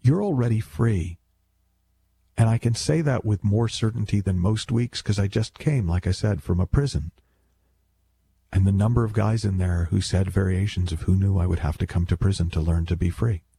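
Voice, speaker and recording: A man's voice: low voice, normal speed, creaky, dark tone, slightly rough. A man talking as a self-help speaker in a casual, reflective monologue, rambling and wry with many self-corrections.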